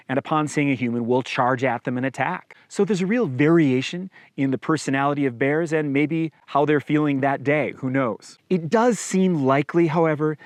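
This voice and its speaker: A man talking casually to camera, explaining outdoor safety in a relaxed, conversational way with a light joking touch. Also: on the high side, no room sound, clean studio sound. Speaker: outdoor guide and vlogger.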